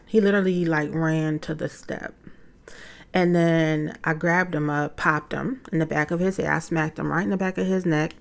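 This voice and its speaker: Woman host, 30s, low and gravelly, candid storytelling chat, acts out quotes. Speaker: podcast host, mother of a teen.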